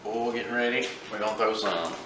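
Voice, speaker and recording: A man's voice: lowish voice, a little fast. A man hosting a casual cooking vlog in a kitchen, talking in a laid-back, folksy way. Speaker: fishing channel host. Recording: echoey kitchen, mic far off, noisy. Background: frying and sizzling.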